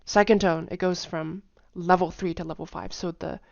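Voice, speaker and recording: A woman casually explaining tone patterns in a lesson, talking in a chatty way with lots of fillers and humming or singing syllables to show pitch. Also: fairly even intonation, moderate pace, creaky, no room sound, muffled recording. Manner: chatty, many fillers, hums and sings tone patterns. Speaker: language teacher.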